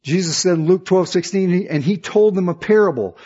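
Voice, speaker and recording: Emphatic male preacher, husky lo-fi sound. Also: sits high, a little fast, warm tone. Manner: emphatic preaching with rising intensity and rhetorical questions. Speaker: pastor. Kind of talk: sermon.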